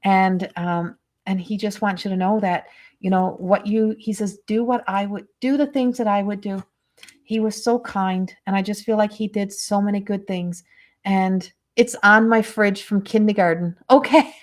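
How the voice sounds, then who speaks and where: A woman's voice: medium pitch, fairly even intonation, normal speed. Rambling, tender woman giving a psychic reading. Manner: rambling, hesitant, full of fillers and restarts; tender and emotionally moved. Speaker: medium and spiritual coach.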